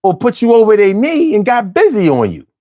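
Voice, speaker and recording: Host, male, late-night livestream, foul-mouthed, lively swooping delivery. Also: high-pitched, fairly quick. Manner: profane, animated, talks back to chat.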